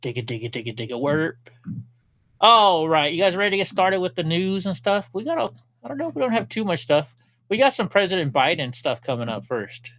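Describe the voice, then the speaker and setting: A man's voice: high voice, animated, a little fast, a bit bright, dry recording. A man hosting a casual political news livestream, talking sarcastically, laughing at clips and chatting with viewers. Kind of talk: casual commentary.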